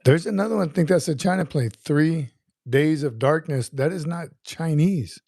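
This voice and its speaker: Man, fifties, livestream host, loose rambling chat, mellow tone, dry close sound. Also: fairly high pitch, normal speed, gravelly, dry recording. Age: 50s. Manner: rambling, repeats words, reads viewer comments aloud.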